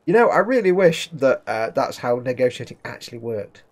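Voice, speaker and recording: A man's voice: mid-range voice, very animated, brisk. A man casually commenting while streaming a video game, chatty and wry, reading chat messages aloud.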